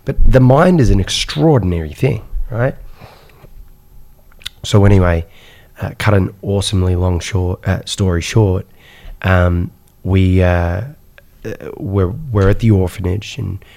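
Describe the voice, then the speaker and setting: Iraqi-born man, low gravelly voice, animated guest storyteller. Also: measured pace. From Iraq. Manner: animated, repeats "right?" and "insane", many fillers. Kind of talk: personal storytelling in conversation.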